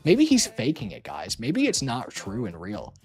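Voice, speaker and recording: A young adult streamer talks in a loose, casual chat, teasing and laughing often and swearing now and then. The pitch swings widely up and down while staying in a middle register. Faint music plays quietly underneath. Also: wildly swooping pitch, normal speed.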